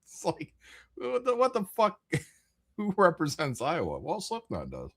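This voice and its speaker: A man's voice: high-pitched, wildly swooping pitch, unhurried, vocal fry. A man hosting a casual live stream, rambling through chat messages with frequent jokes, laughs and swearing. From American Midwest.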